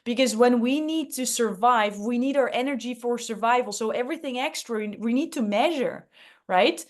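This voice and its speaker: A woman's voice: a little high, moderate pace. A woman hosting an online workshop on public speaking, upbeat and emphatic. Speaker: workshop host.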